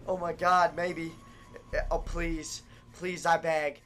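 A young man giving live commentary on his own gameplay, ranting and swearing in exasperation, swinging from shouts down to muttering. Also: a little high, level tone, takes it slowly, slight background noise. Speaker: gaming streamer.

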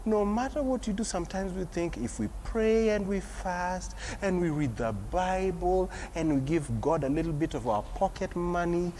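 A woman pastor teaching children in a Sunday school show, animated and expressive. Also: normal speed, hardly any pauses, slight background noise, poor audio. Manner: animated, acts out little quotes, sweeping pitch.

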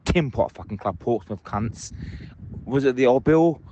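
A man's voice: medium pitch, lively intonation, measured pace, dark tone, dull audio, slight background noise. A man leaving angry voicemails, ranting and swearing passionately from a busy station. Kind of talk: phoned-in voicemail rant. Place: out in public, at a train station.

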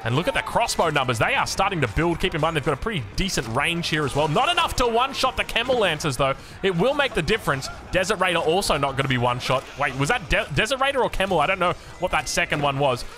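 Lively Australian man casting a strategy game. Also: on the high side, fast. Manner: jokey, rambling, excitable. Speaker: game caster. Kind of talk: game commentary with chatty asides.

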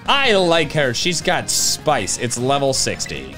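A man's voice: mid-range voice, wildly swooping pitch, takes it slowly, hardly any pauses, pushed and bright, faint music behind. A man giving casual game commentary with wry, laughing asides. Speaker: gaming video host.

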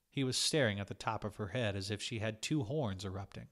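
A man reading a literary short story aloud in a calm, measured way. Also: fairly low pitch. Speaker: reader.

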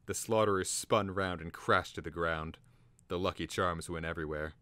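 A man reads a fantasy story aloud with theatrical flair, his voice deep and forceful. The sound is dry and close to the mic. He moves steadily through the narration in a storytelling manner. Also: fairly even intonation, normal speed, dry recording. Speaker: reader. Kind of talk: dramatic reading.

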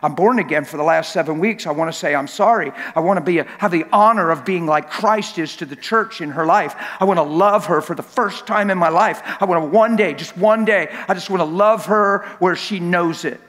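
A man preaching a sermon in a church, telling stories with lots of repetition and sometimes building up to a shout. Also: high-pitched, brisk, hardly any pauses, big-room sound. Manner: animated, repetitive storytelling that swells to shouting. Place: church sanctuary.

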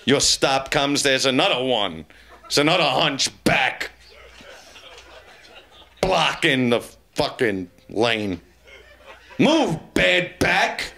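A man's voice: fairly high pitch, gravelly, sharp tone, a little hiss or hum. A man doing live stand-up comedy on a club stage, crude and taunting the audience as he keeps repeating the same pun into a handheld mic.

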